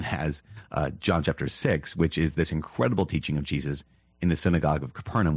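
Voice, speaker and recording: Low, husky-voiced man teaching warmly. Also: no echo. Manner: earnest and animated, with quick asides and light laughs. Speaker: priest podcast host. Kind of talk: catechism teaching podcast.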